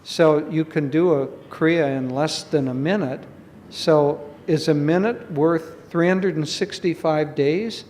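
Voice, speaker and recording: Guy teaching spirituality, calm gentle explainer, kinda high voice. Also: slight background noise. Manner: slow, measured, gently explaining. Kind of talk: spiritual talk with storytelling. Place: college hall.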